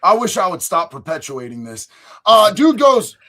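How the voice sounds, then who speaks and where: A man hosting a livestream, telling crude stories in a profane, boisterous way, swinging between loud bursts and mutters. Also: sits high, big pitch swings, normal speed. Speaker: streamer host. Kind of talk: crude comedic storytelling on a livestream.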